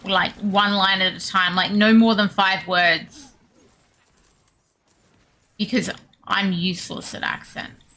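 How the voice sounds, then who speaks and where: A young Australian woman chatting casually with her viewers while streaming a game, self-deprecating and quick to laugh. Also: medium pitch, steady tone, sharp tone. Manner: chatty, self-deprecating, laughs often, reads chat aloud. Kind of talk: casual gaming stream chat.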